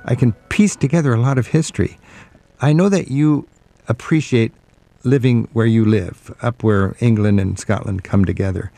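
A man's voice: medium pitch, moderate pace, vocal fry, mellow, no room sound. A man hosting a travel radio show, chatting with a guest in a folksy, enthusiastic way with frequent ums. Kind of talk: relaxed interview chat.

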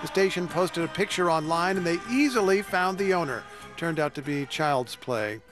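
Wry high-voiced radio host over music. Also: male voice, animated, normal speed, fairly bright tone. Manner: wry, playful delivery. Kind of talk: light news item.

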